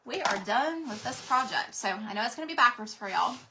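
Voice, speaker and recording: A woman's voice: on the high side, expressive, brisk, bright, forceful tone, a little hiss or hum. A woman hosting a live craft stream, chatting casually and greeting viewers by name while she paints, a bit out of breath. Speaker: craft livestream host. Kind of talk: live craft demonstration chat.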